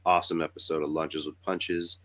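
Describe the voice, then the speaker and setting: A young man with a cold hosts a podcast, chatting casually in a loose, rambling way and swearing occasionally. He's sick, so his voice is rough, and it's very deep with little pitch movement, brisk and a bit bright.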